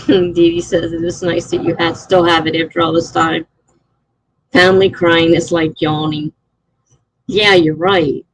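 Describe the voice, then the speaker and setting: A woman's voice: fairly low pitch, flat delivery, measured pace, breathy edge, no room sound, low-quality recording. A middle-aged woman live streaming, telling a story in a rambling, chatty way with lots of fillers. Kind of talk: casual chat.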